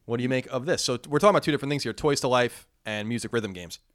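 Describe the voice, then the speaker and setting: A man co-hosting a casual gaming podcast, reading listener letters aloud and chatting in a quick, lively way. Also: mid-range voice, dry recording, clean studio sound.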